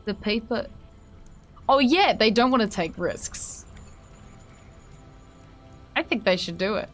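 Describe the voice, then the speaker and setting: A woman from Western Australia, with an Australian accent and a voice on the high side, chats casually on stream with lively intonation and an unhurried pace, faint music behind her. She then reads a story aloud, chatty and hesitant, stumbling over a few words along the way.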